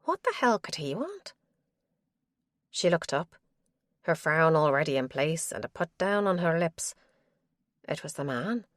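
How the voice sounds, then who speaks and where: A woman narrating a mystery audiobook in a measured, even way. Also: on the low side, no echo, clean studio sound.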